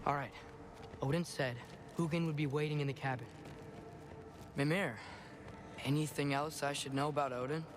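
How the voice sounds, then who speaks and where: An actor playing an earnest, caring teenage boy in video game dialogue, speaking softly and thoughtfully. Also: a little high, fairly even intonation, moderate pace, pauses often, noisy background, natural voice. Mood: curious.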